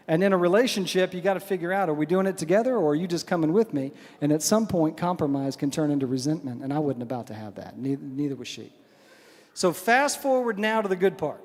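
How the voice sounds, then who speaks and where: A man's voice: fairly high pitch, darkish tone. Wry man telling stories on stage. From Texas. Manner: wry, self-deprecating, conversational. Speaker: singer-songwriter performer. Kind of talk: onstage storytelling between songs. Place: large synagogue sanctuary. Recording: hall reverb with faint music.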